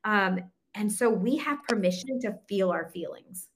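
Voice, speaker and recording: A woman's voice: medium pitch, expressive, unhurried. Encouraging woman hosting a faith podcast. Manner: warm affirming, encouraging. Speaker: podcast host and Christian coach. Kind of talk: casual faith-based conversation.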